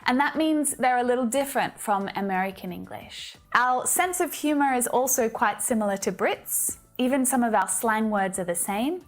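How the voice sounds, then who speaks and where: A woman with an Australian accent, giving an upbeat, scripted English lesson and explaining things clearly. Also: a little high, moderate pace, few pauses. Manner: upbeat and explanatory, with light laughs. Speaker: English teacher.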